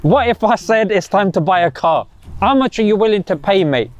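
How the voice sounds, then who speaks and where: A man's voice: high-pitched, lively intonation, fairly quick. A man hosting a motivational talk, telling stories with slang and rhetorical questions. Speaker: host.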